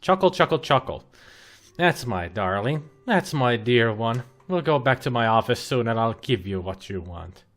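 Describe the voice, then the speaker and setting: A man reading the lines of a creepy middle-aged woman who murmurs softly and dotingly to her pet in an adventure game. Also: medium pitch, animated, moderate pace, soft background music. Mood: cooing.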